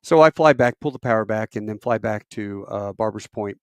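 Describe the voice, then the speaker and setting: Animated middle-aged man telling a story. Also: moderate pace, clear, resonant tone, no echo. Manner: animated, acts out quoted voices with big pitch jumps; self-deprecating, rambling with fillers. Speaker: military veteran storyteller. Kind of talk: casual storytelling.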